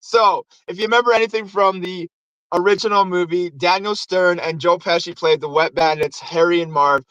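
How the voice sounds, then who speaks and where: A man with a high voice tells a movie's story in a loose, animated way, swearing freely and acting out bits of the lines. The recording is dry, with a slightly muffled top end. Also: normal speed, clean tone, no echo. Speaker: host. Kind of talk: casual movie recap.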